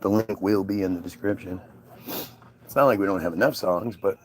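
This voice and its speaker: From home, a man hosting his own livestream muses aloud in a low, brisk voice, casual, rambling and sarcastic.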